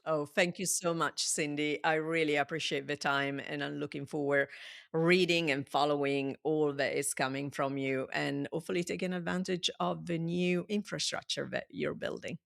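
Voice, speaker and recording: A woman's voice: low voice, steady tone, normal speed, creaky, fairly bright tone, dry recording, studio quality. A woman hosting a podcast interview, talking in an appreciative, conversational way. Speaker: podcast host. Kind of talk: casual interview talk.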